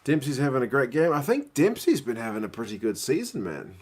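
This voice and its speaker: A man's voice: mid-range voice, very animated, a little fast. A man hosting a casual live watch-along from his living room, chatting and answering viewers' questions. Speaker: livestream host.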